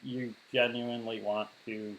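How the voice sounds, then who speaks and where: A man from Western South Dakota in a casual podcast chat, thoughtful and halting, restarting his sentences. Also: medium pitch, flat delivery, a bit bright, a little hiss or hum, rough recording.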